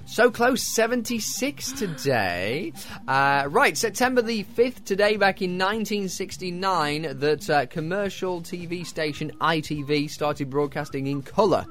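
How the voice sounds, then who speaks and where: A chatty, self-mocking man hosting a breakfast radio show. His voice sits a little high for a man, and he laughs easily between quiz questions. Soft music plays underneath in the studio. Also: expressive, unhurried. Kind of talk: casual chat with quiz. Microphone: studio microphone.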